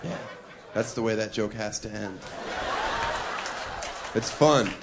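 A man's voice: on the low side, slow, over a noisy crowd. Cheeky male stand-up comic, noisy club. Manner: cheeky, deadpan asides, laughing at own jokes. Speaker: stand-up comedian. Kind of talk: live stand-up routine. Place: comedy club stage.

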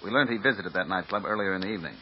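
Man as a businesslike cop, lower voice, old radio play. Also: rapid-fire, soft background music, close to an everyday voice. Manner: matter-of-fact, businesslike. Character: brisk middle-aged police lieutenant. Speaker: police lieutenant. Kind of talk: 1950s radio drama acting. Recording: muffled old radio recording with hiss.

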